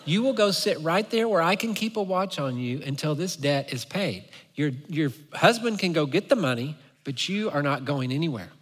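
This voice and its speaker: A man voicing an intimidating, unamused female police officer who speaks firmly and low. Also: animated, moderate pace, long reverb tail.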